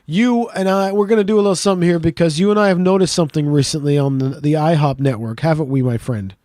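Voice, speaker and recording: High-pitched dude cohosting a podcast, dry close mic, animated and sweary, middle-aged. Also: male voice, fast talker, no echo. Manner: animated storytelling, swears freely. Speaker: podcast co-host. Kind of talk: casual podcast banter.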